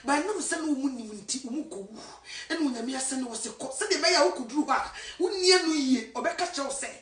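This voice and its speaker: A woman evangelist from Ghana, preaching fervently and swinging between shouting and a hush. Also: high voice, a little fast, few pauses, recorded from a distance. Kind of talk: impassioned sermon. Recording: echoey room, voice from afar.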